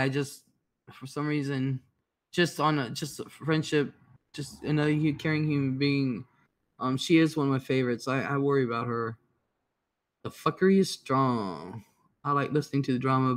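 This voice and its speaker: A man with a medium-pitched, slightly bright voice hosts a casual livestream. He greets chatters by name and reads their comments aloud in a relaxed, rambling way, using headphones and a computer mic.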